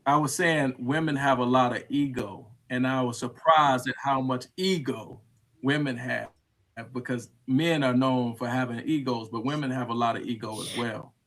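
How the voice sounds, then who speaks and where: Male panelist on a video call; halting, restarts often, easygoing chat. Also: mid-range voice, fairly bright tone. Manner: halting, repeats words while searching. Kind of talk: casual chat.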